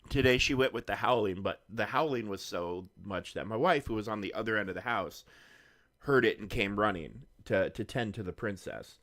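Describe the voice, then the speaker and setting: A man's voice: fairly low pitch, moderate pace, a bit bright. A man streaming a mobile game, chatting casually and rambling, sometimes swearing. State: hiccups. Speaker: gaming streamer. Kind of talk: casual live-stream chat.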